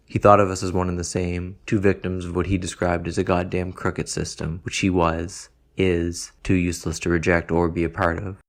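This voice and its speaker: A man reads a first-person story in a dry, deadpan way, unbothered even by crude details. His voice sits very low and keeps a flat, level line. The delivery stays unhurried and even. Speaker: narrator. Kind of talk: first-person literary narration.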